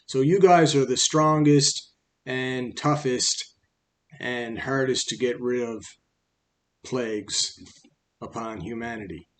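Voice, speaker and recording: A man's voice: mid-range voice, slow pace, long pauses, natural voice. A man voicing a scheming mischief goddess. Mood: coaxing.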